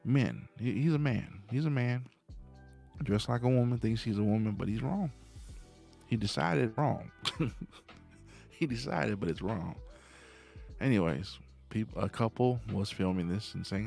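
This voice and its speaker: A man's voice: fairly low pitch, animated, moderate pace, gravelly, a little mellow, soft background music. A man hosting a late-night livestream, telling a story to his viewers in a meandering way and getting worked up about right and wrong. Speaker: livestream host. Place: home at night.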